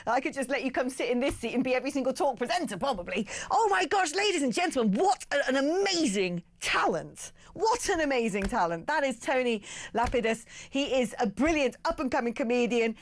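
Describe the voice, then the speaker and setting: A woman hosts a talk show and heaps effusive praise on her guest. Her voice sits on the higher side and leaps up further when she gets excited. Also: brisk, hardly any pauses. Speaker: radio and TV host. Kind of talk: casual chat.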